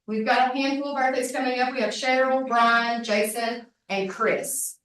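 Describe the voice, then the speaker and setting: A woman's voice: a little high, fairly even intonation, normal speed, fairly bright tone. A woman hosting an office team meeting, reading announcements in an upbeat, encouraging way. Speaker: meeting host. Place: large meeting room. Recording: very echoey room, distant mic.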